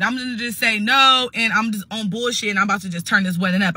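Young woman storyteller, heated and profane, bright edge with a breathy rasp, dry close sound. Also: mid-range voice, fast talker, hardly any pauses, dry recording. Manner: blunt, profane, heated and emphatic. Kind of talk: casual storytime monologue.

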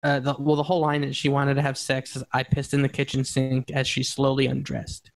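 A man's voice: mid-range voice, monotone, brisk, creaky. A young man co-hosting a podcast, chatting casually and joking with lots of laughter. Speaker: podcast co-host. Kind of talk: casual chat.

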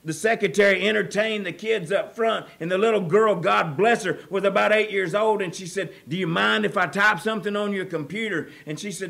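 Gravelly preacher, high voice. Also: male voice. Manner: preaching that swings from quiet storytelling to loud urgent appeals. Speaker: pastor. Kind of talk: sermon.

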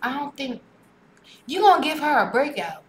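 A woman's voice: high voice, big pitch swings, normal speed, a little hiss or hum. A woman hosting a music video reaction, chatting casually and exclaiming back at the screen. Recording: roomy echo with music playing.

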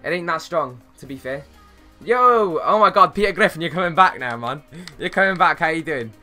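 A young man livestreaming a football video game, talking in a slangy, easygoing way to his chat. His voice sits a little high and comes across bright and forward. Faint music plays behind him. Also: quick pace. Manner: chatty, slangy, greets viewers, bursts of excitement at plays. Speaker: gaming streamer. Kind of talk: casual live-stream chat while playing.

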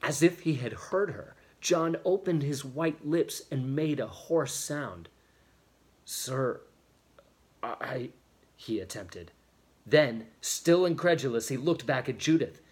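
A man reading a novel chapter aloud in a steady, expressive storytelling manner. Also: fairly high pitch, measured pace. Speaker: audiobook reader.

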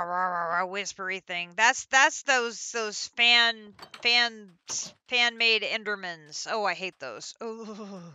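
A woman's voice: mid-range voice, pushed and bright, clear, resonant tone, no echo. A woman streaming a game live, chatting to herself as she counts out and places items. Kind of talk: live gameplay commentary.

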